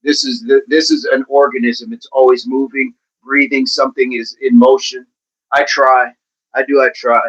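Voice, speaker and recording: A man's voice: medium pitch, flat delivery, normal speed, a bit bright, breathy edge, muffled recording. A man hosting a casual livestream, reading out viewers' comments and chatting back to them in a playful way. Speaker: livestream host reading chat.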